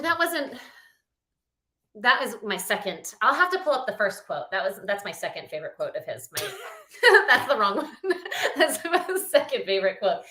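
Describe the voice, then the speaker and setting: A woman from Rhode Island co-hosts a podcast in casual chat, with a middle-pitched voice. She is giggly and chatty and trails off mid-thought. The room around her has a roomy echo. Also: pushed and bright. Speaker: podcast co-host.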